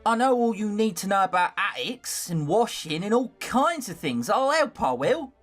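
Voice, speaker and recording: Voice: medium pitch, very animated, normal speed, faint music behind, pitched above the performer's own voice. A streamer voicing an eager, loyal young female scullery maid with a London working-class accent, reading a visual novel aloud. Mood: doting. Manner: doting, reassuring.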